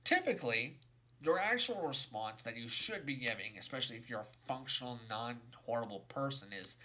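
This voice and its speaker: A man's voice: medium pitch, lively intonation, moderate pace, sharp tone. A young adult man giving an exasperated, sarcastic, emphatic rant in a video game review.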